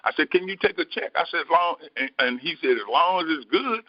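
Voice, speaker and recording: A man preaching by telling a personal story in a folksy, animated way, with many fillers. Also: a little high, a little fast, no room sound. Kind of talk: storytelling sermon. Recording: dull, dry lo-fi recording.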